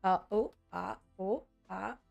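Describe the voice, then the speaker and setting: A woman with a mid-range, creaky, darkish voice chats casually with her viewers while sorting a pile of trading cards for a deck she's building. She rambles, pokes fun at herself, and tosses off quick mock dialogues, all in lo-fi audio with faint music in the background.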